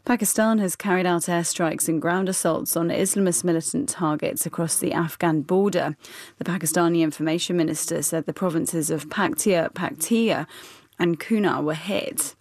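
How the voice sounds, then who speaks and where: Low-voiced woman reading news. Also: fairly even intonation, darkish tone, dry recording. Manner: measured, formal delivery. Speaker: newsreader. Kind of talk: scripted news bulletin.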